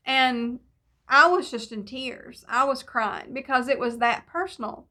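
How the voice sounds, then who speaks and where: Bright-voiced woman sharing testimony. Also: high voice, measured pace. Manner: rambling storytelling with fillers and restarts. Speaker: devotional speaker. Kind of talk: personal testimony devotional.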